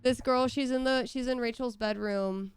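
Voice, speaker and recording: Gravelly-voiced woman telling lively stories. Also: a little high, normal speed, no room sound, studio quality. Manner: animated storyteller, casual swearing. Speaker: voice actor signing on stream. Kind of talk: casual stream chat. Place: home.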